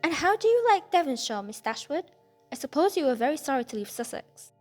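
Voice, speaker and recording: A woman's voice: high voice, lively intonation, fairly quick, soft background music. A woman reading aloud, voicing a chattering, over-familiar young woman who gushes and speaks abruptly. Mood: chatty. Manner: effusive, abrupt and gushing.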